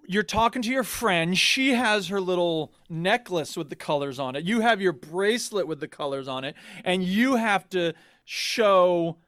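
Podcast co-host, male, higher voice, animated and exasperated, swears freely, dry close sound. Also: dry recording. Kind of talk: casual chat.

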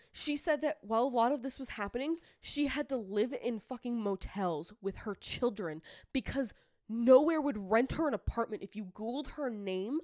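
A woman co-hosting a true crime podcast, talking fast and heatedly, swearing often and acting out what people said. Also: fairly high pitch, darkish tone, dry recording, clean studio sound. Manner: heated, swears a lot, acts out quotes. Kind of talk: casual chat.

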